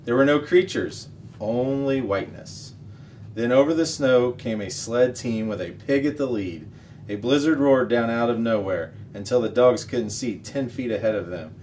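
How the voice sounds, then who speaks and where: A man reading a children's novel aloud as the show's regular reader, steady and expressive. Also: mid-range voice. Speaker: story reader. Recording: distant mic, faint noise.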